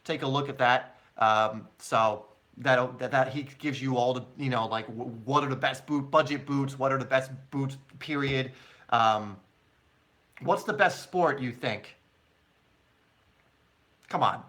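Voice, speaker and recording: A man hosts a live question-and-answer stream, answering viewers in a loose, chatty way full of ums and restarts. His voice is bright and forward, sitting at an ordinary middle pitch for a man. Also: unhurried. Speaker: soccer channel host.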